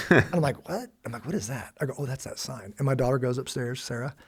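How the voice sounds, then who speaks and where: A middle-aged American man and father, a guest in a candid podcast conversation, who tells family stories in an animated way and acts out the dialogue himself. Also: medium pitch, fast talker, husky. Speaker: guest, former special operations officer and father.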